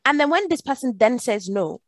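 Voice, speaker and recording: A woman's voice: high-pitched, big pitch swings, brisk, no room sound. A young woman chatting casually, explaining her view in a reflective way between frequent agreeing interjections. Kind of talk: casual chat.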